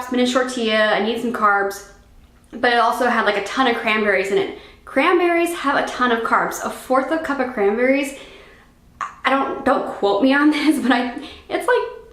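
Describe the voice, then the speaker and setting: A young woman chats casually for her vlog, rambling and dropping "like" and "um" all through her talk. Her voice sits somewhat high. The camera mic catches the echo of a bare room at home. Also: a bit bright. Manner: chatty and rambling, full of "like" and "um". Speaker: fitness vlogger. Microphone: camera microphone. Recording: roomy echo.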